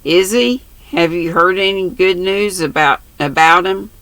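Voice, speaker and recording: A grandmother voicing a tender, emotional mother who speaks softly in a storybook reading. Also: lowish voice, measured pace, no echo, voice pushed up, poor audio. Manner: soft and moved.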